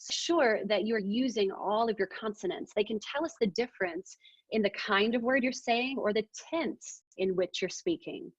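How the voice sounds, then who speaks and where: A woman from Arkansas, leading a webinar on presentation skills in an energetic, emphatic way. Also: mid-range voice, normal speed, slightly rough, no echo, highs cut off. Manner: energetic, emphatic, demonstrates vocal techniques. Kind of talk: webinar training talk.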